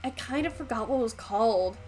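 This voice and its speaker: A young woman with a somewhat high voice, chatting casually on a live stream while she paints. She rambles along, full of "um" and "like" and the odd curse, over faint music in the background. Her delivery stays loose and conversational. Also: lively intonation, fairly quick, darkish tone, breathy edge. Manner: rambling and chatty, with frequent fillers and swearing.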